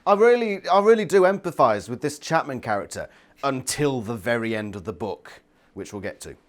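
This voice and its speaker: A man's voice: medium pitch, lively intonation, normal speed. A young man giving a casual book review, ranting and swearing constantly in exasperation.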